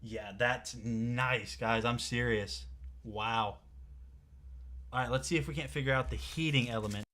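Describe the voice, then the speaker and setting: A young man hosting a live product showcase stream, chatting casually and excitably straight to his viewers. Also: mid-range voice, measured pace. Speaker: livestream product showcase host.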